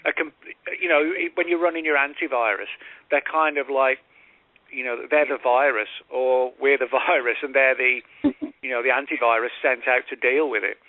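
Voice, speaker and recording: Man, radio interview guest, measured explainer, many fillers and restarts, thin phone-line sound, dry. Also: mid-range voice, fairly even intonation, no echo. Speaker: guest author.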